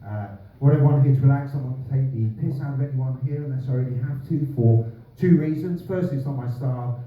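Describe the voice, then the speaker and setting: A man doing deadpan stand-up comedy and chatting with the audience in a live club. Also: medium pitch, fast talker. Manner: deadpan one-liners, chats with audience. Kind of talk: live stand-up with crowd work. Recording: echoey venue from far off, phone-like band, crowd. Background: audience laughter.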